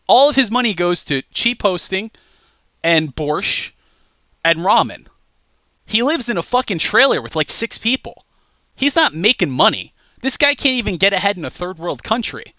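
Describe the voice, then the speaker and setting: A man hosting a podcast, ranting loudly with heavy profanity and mockery. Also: high voice, dry recording, dull audio. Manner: loud, profane, mocking rant. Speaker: podcast host.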